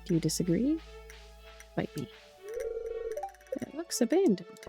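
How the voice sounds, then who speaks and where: A woman giving soft, playful, unhurried commentary while playing a relaxing game. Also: medium pitch, big pitch swings. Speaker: gaming channel host. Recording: game music underneath.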